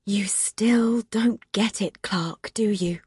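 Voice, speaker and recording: A woman voicing a gentle, calm young man near death, murmuring softly in an audiobook. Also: mid-range voice, extremely slow, breathy edge, dry recording, studio quality, full character voice. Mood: whispered gentle. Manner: soft murmuring, near whisper. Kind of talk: audiobook character voice.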